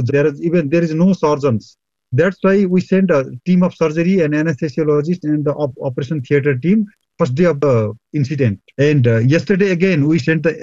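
Hospital chief from Nepal, halting phone interview, muffled dry sound. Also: male voice, on the high side, mellow, no echo. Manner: halting, many fillers. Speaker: hospital medical superintendent. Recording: dull lo-fi line, dry.

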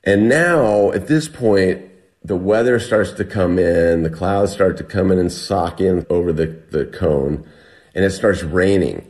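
Deep-voiced man telling a survival story. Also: measured pace. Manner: animated retelling, acts out shouted quotes. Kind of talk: conversational storytelling.

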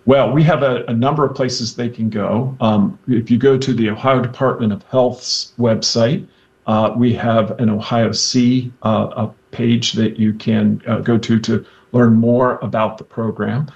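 A man who is a state health director, answering interview questions on the radio haltingly, with many ums and uhs. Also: mid-range voice, fairly even intonation, vocal fry, darkish tone, lo-fi sound.

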